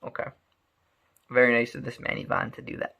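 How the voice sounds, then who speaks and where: Male storyteller, animated, stammery restarts, gravelly tone. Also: mid-range voice, brisk, highs cut off. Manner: animated, repeats words often.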